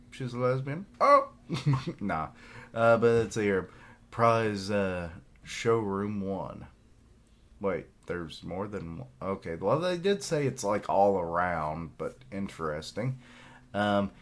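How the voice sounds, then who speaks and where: A deep-voiced man in a loose live reaction, musing aloud as he works through the pages. He takes his time and reads the characters' lines in an even, flat way, breaking into frequent laughs. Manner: thinks aloud, laughs often, reads dialogue aloud flatly. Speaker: manga reaction streamer. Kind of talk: casual live reaction, reading panels aloud.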